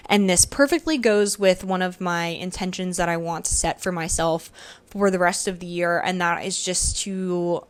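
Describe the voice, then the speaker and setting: A woman's voice: lowish voice, fairly even intonation, normal speed, smooth, no room sound. A young woman hosting her own podcast, talking through her thoughts in a chatty, reflective way with frequent fillers, recorded at home. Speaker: podcast host. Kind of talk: casual solo podcast reflection. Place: home room where she records.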